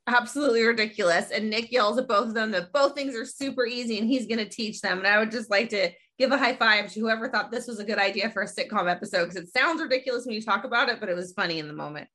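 Female podcast host, higher register, bright tone; lively, chatty episode recapper. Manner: lively storytelling, quick asides. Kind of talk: casual chat recapping a sitcom episode.

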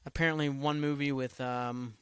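A man's voice: mid-range voice, fairly even intonation, normal speed, clean tone, dry recording. A man hosting a solo podcast, rambling from topic to topic in loose, profane talk that often trails off. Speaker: podcast host.

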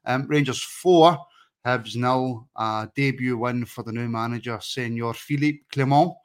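A man's voice: mid-range voice, steady tone, measured pace, clean tone. A man hosting a casual football podcast, chatty and joking as he wraps up the show. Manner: jokey, chatty sign-off patter. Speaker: podcast host.

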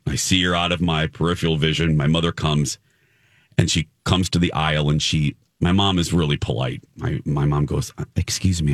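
A man's voice: deep voice, no echo, clean studio sound. A man telling a story in casual podcast chat, acting out the people he quotes. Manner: animated, dramatic storyteller who acts out quotes.

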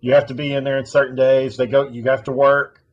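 A man's voice: mid-range voice, level tone, brisk, highs cut off. A man telling a long story in casual chat, rambling and swearing freely.

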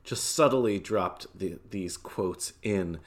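A man's voice: low-pitched, slow pace. A man co-hosting a podcast, chatting animatedly and laughing often. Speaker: podcast co-host. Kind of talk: casual chat.

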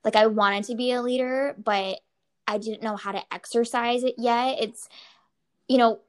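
A woman in her thirties, co-hosting a casual chat, telling stories animatedly and laughing often. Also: medium pitch. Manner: animated, laughs often, filler-heavy storytelling. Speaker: podcast co-host.

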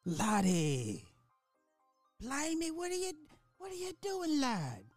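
A man's voice: animated, slow pace, soft background music, full character voice. A man putting on a mock posh British voice, scandalized and mocking. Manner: mocking, exaggerated high voice.

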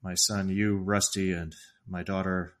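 Guy imitating a deadpan goofy movie dad, flat and dazed, goes scratchy and squeaky sometimes. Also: unhurried. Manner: scratchy and strained when dehydrated. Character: dazed, deadpan middle-aged dad from a comedy film.

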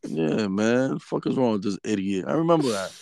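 Animated, profane man on a podcast. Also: lowish voice, normal speed, creaky, dry recording, clean studio sound. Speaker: podcast co-host. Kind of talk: casual uncensored podcast banter.

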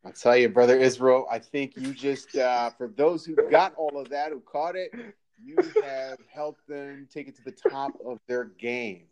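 A man's voice: medium pitch, measured pace, darkish tone. A man hosting an interview, affirming and encouraging his guest and laughing along. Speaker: host.

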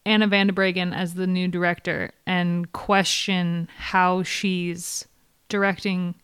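A woman's voice: on the low side, level tone, slow pace, fairly bright tone, smooth, no room sound, clean studio sound. A woman co-hosting a cycling podcast, a former rider talking through tactics in a thoughtful, questioning way. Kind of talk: casual podcast chat.

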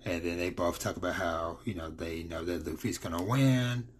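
A man's voice: low-pitched, normal speed, slight background noise. A man giving a casual, rambling recap of manga chapters, full of fillers and quoted lines.

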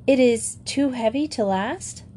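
A woman's voice: fairly high pitch, a little slow, warm tone, a little hiss or hum, voice pushed up, natural voice. A woman reading as a stern young headmistress. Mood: worried. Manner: stern and composed.

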